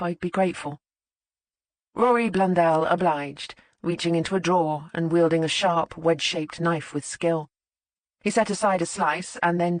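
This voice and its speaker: An audiobook narrator reading a mystery novel in measured storytelling style, with small shifts in voice for the characters. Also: mid-range voice, no room sound. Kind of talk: scripted narration.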